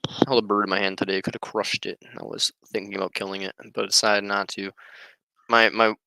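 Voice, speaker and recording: A man's voice: fairly low pitch, little pitch movement, brisk, gravelly, pushed and bright, no room sound, low-quality recording. A young man talking in a rambling, offhand and profane casual monologue. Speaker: streamer.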